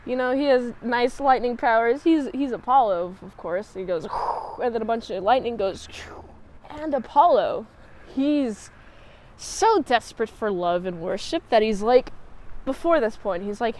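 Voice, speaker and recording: A woman's voice: fairly high pitch, animated, a little slow, a little mellow. A woman reviewer giving a casual, rambling, playful episode recap. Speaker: show reviewer.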